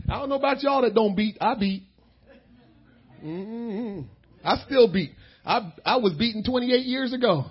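A middle-aged male pastor preaching a sermon, with shouted bursts and laughing asides. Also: high voice, expressive, moderate pace, husky.

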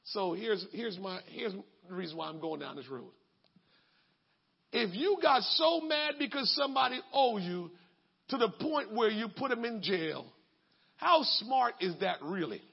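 High husky preacher, lively, emphatic, shouts, dull lo-fi recording. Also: male voice, a little slow. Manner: emphatic, colloquial, bursts into shouting. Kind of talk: sermon.

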